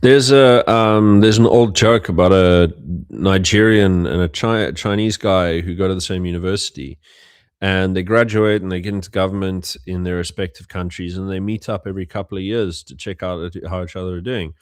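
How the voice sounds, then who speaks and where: A man's voice: sits low, fairly even intonation, moderate pace, smooth, no echo, clean studio sound. A young man from South Africa, hosting a casual livestream and telling stories with many fillers and restarts. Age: young adult. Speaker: host.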